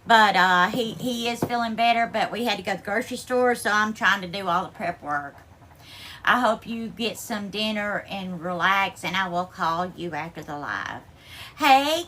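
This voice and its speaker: A woman chats on a live stream from her home kitchen, voice high and lifted above most women's. Her tone is bright and ringing, and she is teary and on the edge of crying while she cooks. She thanks viewers one by one and calls them darling. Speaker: livestream host. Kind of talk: casual live-stream chat while cooking.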